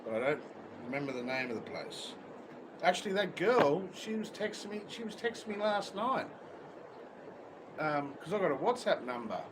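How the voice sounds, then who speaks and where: A man's voice: a little high, sing-song, normal speed. An Australian man livestreaming outdoors near a beach, talking bluntly and swearing constantly in casual chat. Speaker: livestream host. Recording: outdoor street noise with traffic.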